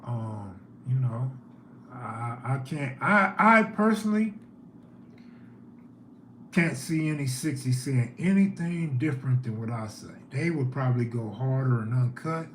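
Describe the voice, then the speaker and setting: A man's voice: mid-range voice, unhurried, mellow, echoey room, a little hiss or hum. A man hosting a live stream, telling neighborhood stories in a laid-back way and reading chat aloud.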